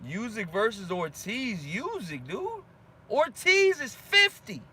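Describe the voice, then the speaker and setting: A man with a strikingly high voice hosts a boxing channel and argues heatedly with viewer comments. His talk is fired-up and full of slang, and he repeats his points over and over for emphasis. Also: sing-song, takes it slowly, bright, forceful tone, breathy edge.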